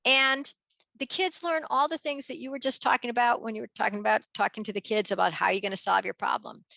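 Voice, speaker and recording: A woman with a fairly high, bright, gravelly voice, talking animatedly as an interview guest. She breaks into quick playful voices for the kids she describes. The sound is close and dry. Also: no echo. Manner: lively, acts out children's voices with big pitch jumps.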